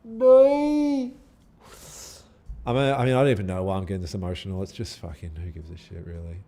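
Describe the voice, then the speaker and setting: A man hosts a live day-trading stream, chatting casually with viewers, swearing freely, pleading and joking with chat and talking back to the market. His low voice is very fast and darkish, with fairly even intonation.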